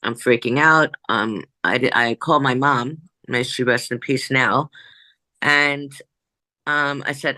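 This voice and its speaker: Bright, forceful woman telling a story. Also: a bass voice, slow pace, no echo, low-quality recording. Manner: animated, jumps back and forth, acts out quoted dialogue. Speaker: psychic medium. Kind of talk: storytelling in an interview.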